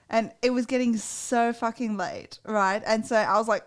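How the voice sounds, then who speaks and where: Profane, animated woman co-host in casual chat, pitched somewhat high. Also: normal speed, hardly any pauses. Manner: blunt, profane, animated storyteller. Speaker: co-host of a dating advice show.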